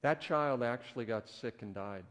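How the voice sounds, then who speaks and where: A man's voice: medium pitch, normal speed, a bit bright. A man who is a pastor, telling a story in a conversational, folksy sermon in a church. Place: church sanctuary. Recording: echoey church hall.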